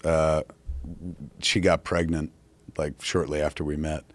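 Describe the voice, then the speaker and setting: Low-voiced man joking in a dry studio. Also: unhurried, no echo. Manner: animated, joking and profane. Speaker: podcast guest. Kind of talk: casual conversation.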